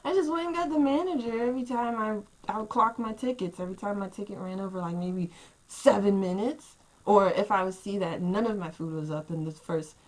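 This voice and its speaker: Exasperated woman venting to camera. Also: poor audio. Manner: animated, exasperated, acts out quotes with big pitch jumps. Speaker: vlogger. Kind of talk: casual storytelling rant to camera.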